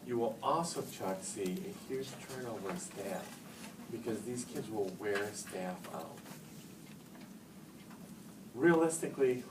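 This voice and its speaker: A middle-aged man tells stories to a room of teachers, playing out both sides of phone calls with a jokey, animated delivery. He is picked up from a distance, so the voice sounds thin and roomy, with steady noise underneath. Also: fairly low pitch. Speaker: speaker at an education workshop. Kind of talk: lively storytelling talk to an audience. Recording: roomy hall, speaker far from mic, noisy.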